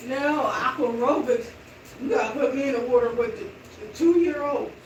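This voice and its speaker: A middle-aged woman vlogging in casual chat to her viewers while slowly walking and exercising indoors. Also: high voice. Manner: chatty, slow walking while talking. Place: indoor room with hardwood floor. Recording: roomy, distant and noisy room sound.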